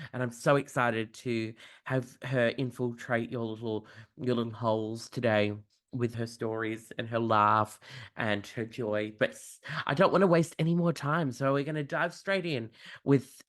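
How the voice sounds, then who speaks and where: A man's voice: mid-range voice, moderate pace, a bit bright. An Australian man hosting a podcast as a drag performer, bubbly and gushing, tired from jet lag. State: jet-lagged, yawning. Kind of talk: casual chat.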